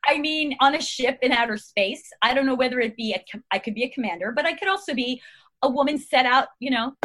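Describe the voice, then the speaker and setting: Chatty fifty-something lady, bit high voice, rambles n laughs a lot. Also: fast, a bit bright. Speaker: guest actress. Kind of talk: casual chat.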